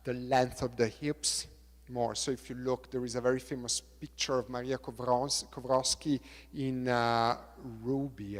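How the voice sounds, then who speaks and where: A middle-aged man with an Italian accent, a choreographer lecturing on dance technique, halting and repeating words, counting beats aloud. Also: mid-range voice. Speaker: choreographer giving a talk. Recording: reverberant lecture hall.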